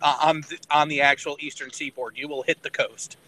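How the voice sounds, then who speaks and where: A man who has worked on aircraft, explaining in a halting way with restarts on a casual group call. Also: on the high side, level tone, bright, forceful tone, a little hiss or hum, rough recording. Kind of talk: casual online group chat. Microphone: computer mic on a video call.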